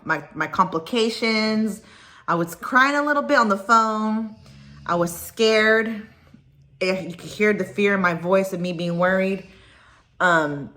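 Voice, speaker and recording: A woman's voice: medium pitch, sharp tone. A woman vlogging from home, venting in an upset, rambling way and swearing freely. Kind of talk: casual personal vlog, venting. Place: at home, dog nearby.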